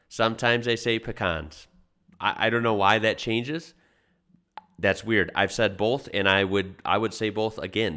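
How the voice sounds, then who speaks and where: Deep-voiced bright Midwestern man. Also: clean tone. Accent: mild Chicago. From American Midwest. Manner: chatty, musing, lots of uh and restarts. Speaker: reaction channel host. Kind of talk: casual reaction commentary.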